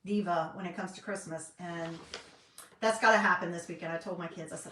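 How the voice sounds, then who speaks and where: Her voice sits on the low side, brisk, pushed and bright, with a little hiss or hum in the audio. She's a middle-aged craft vlogger and independent designer from North Carolina, talking casually in a Southern accent on a live stream from her home craft room, with plenty of fillers and folksy asides. The room is echoey and she comes across a bit distant.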